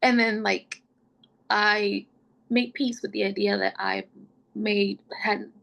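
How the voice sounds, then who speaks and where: A young woman with a gravelly, fry-edged voice talks through her pregnancy as a podcast guest. She is chatty and open, leaning on "like" and laughing easily. Her pitch sits in an ordinary middle range. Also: fairly even intonation, slow, a bit bright, lo-fi sound, slight background noise. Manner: chatty, fills speech with "like", laughs often; gets emotional and open. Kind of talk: casual personal storytelling.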